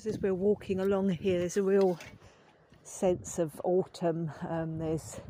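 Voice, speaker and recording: A woman's voice: on the low side, steady tone, takes it slowly, rough recording. A woman walking across a nature reserve and chatting about the wildlife she sees. She talks casually with many ums and breaks into sudden delighted exclamations. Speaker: nature walk guide. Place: outdoors on a windy nature reserve. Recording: loud outdoor wind noise.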